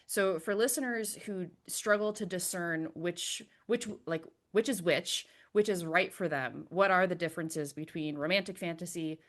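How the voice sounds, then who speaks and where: A woman with a fairly low voice hosting an interview podcast. She asks long, loosely phrased questions in a relaxed, conversational way. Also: moderate pace, hardly any pauses. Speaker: podcast host. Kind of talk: casual interview chat.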